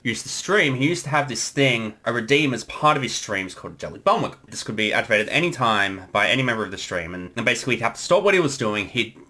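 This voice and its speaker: A man riffing casually through a creator commentary, his voice bright and animated as he jumps between anecdotes. He talks in a loose, laughing way. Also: medium pitch, fast, hardly any pauses.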